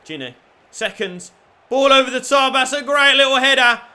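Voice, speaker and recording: A young man commentating his own football video game and chatting to viewers, shouting at goals and swearing at the referee. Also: high voice, moderate pace, slight background noise. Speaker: gaming YouTuber.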